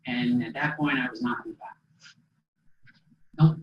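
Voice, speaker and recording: A man from Minnesota giving an inspirational keynote speech as a motivational speaker, an animated storyteller who acts out the dialogue. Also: mid-range voice, unhurried, slight background noise. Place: presentation hall. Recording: echoey hall, distant mic, dull sound.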